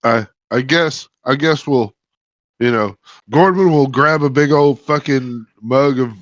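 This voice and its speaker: A man's voice: medium pitch, measured pace, no echo, highs cut off. A man playing a tabletop game, talking in a casual, rambling way. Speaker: player. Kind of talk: tabletop role-play.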